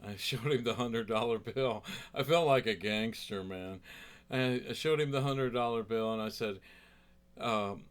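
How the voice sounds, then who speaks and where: A man who plays guitar tells a story in a loose, chatty way. His voice sits at an ordinary middle pitch, and he drifts through fillers and asides as he goes. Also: a little slow, clean tone. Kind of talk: casual storytelling.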